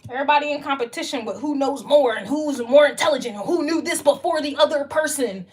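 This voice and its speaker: A woman's voice: high-pitched, quick pace. A young woman talks through a casual tarot reading outdoors. She is blunt and emphatic, with frequent swearing, and a faint noise sits behind her. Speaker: tarot reader.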